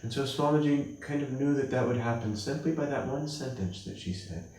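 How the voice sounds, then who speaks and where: A man teaches a spiritual class in a gentle storytelling voice, slipping into quoted characters as he goes. His voice sounds far from the microphone, with a strong echo from the room. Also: medium pitch, fairly quick, slight background noise. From United States. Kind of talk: spiritual class talk with acted anecdotes. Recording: echoey room from a distance.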